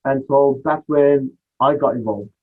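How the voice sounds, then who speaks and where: A husky-voiced man chats as a podcast guest, wandering through his stories and putting on the voices of people he quotes. His voice comes through a thin, phone-like line. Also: medium pitch, measured pace. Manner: rambling, acts out quoted dialogue. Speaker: podcast guest, music producer. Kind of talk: casual storytelling interview.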